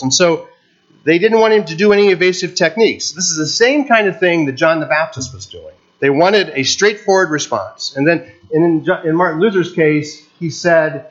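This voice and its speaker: Non-native English-speaking man preaching, earnest teaching delivery, somewhat high voice, muffled lo-fi recording. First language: not English. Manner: earnest teaching tone with frequent restarts and pauses. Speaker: pastor. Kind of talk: sermon.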